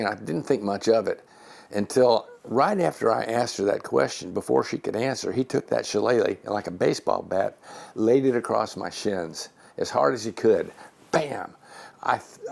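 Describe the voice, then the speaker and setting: Older man, seventies, retired officer, low gravelly voice, animated anecdote teller who voices his characters. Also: moderate pace. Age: 70s. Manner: animated storyteller who acts out quoted voices. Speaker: retired Air Force general. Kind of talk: telling personal anecdotes. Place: his own home.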